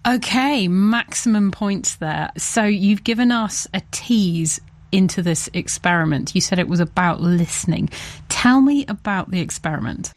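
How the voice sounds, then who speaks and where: A woman's voice: medium pitch, lively intonation, measured pace, no echo. A woman hosting a science talk show, playful and chatty, with a mid-height voice. The sound is dry and close, with no room around it. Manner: playful, chatty, laughs often. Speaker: podcast host. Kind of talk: casual science chat.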